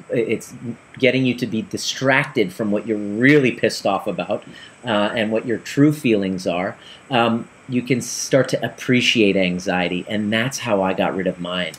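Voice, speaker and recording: A man telling a client story in an earnest, animated way, acting out the dialogue as he goes. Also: fairly low pitch, moderate pace, slight background noise. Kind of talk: storytelling talk.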